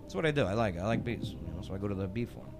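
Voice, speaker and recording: Lively joking male radio host. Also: fairly low pitch, very fast, noisy background. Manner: playful, sets up pun riddles, animated. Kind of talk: joking trivia banter.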